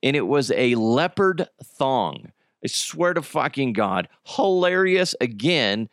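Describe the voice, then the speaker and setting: A male podcast host rambles through crude, jokey stories with a lively, swinging delivery. He laughs often and acts out other people's voices. His voice sounds dry and close. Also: medium pitch, slow, no echo. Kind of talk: casual comedic monologue.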